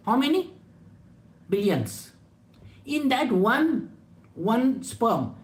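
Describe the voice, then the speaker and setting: Brief: blunt spiritual teacher, scolding with rhetorical questions, mid pitch, echoey room. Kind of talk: scripture talk.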